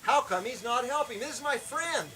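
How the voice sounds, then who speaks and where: Man, high voice, animated storytelling testimony, acts out shouts, noisy recording. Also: normal speed. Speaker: camp worship speaker.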